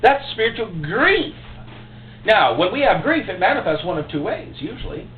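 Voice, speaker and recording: A man preaching a sermon as pastor, emotional and impassioned, with sudden loud outbursts. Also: high voice, very animated, normal speed. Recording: echoey, tinny phone-like recording with faint hum.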